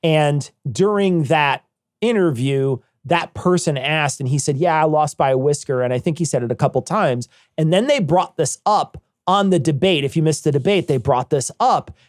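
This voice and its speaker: A man's voice: fairly high pitch, moderate pace, no echo, clean studio sound. A man co-hosting a podcast, chatting casually and jokingly about politics with lots of swearing. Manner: profane, joking, animated. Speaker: podcast co-host.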